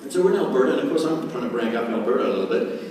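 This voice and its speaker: A man giving an energetic motivational talk at a sales meeting, acting out quoted voices and laughing often. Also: medium pitch, rapid-fire. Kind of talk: motivational stage talk with anecdotes. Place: large meeting hall. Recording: echoey hall mic from far off, noisy.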